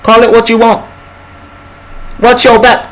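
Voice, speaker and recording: A young man voicing an eccentric male scientist who gravely warns of a plague. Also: extremely high pitch, level tone, unhurried, a bit bright, voice pushed up, low-quality recording. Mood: ominous.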